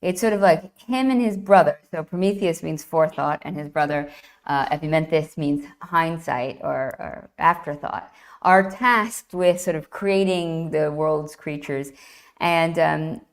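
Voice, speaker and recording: A woman with a slightly low voice tells an old myth with lively enthusiasm. She restarts her phrases as she goes. Her delivery is conversational and animated. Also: a little slow. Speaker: guest, classics writer.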